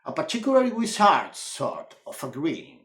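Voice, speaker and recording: A man's voice: on the high side, wildly swooping pitch, moderate pace, a bit bright, reverberant. A man telling a children's story aloud in a playful, theatrical way and talking straight to the listener. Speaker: storyteller teacher. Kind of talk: animated read-aloud storytelling.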